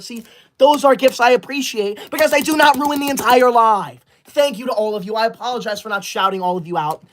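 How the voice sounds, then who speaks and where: In a comedy skit, a man plays a smug, bossy young teacher's-pet livestreamer who indignantly scolds his viewers with a self-righteous air. His voice is high-pitched with a fairly bright tone.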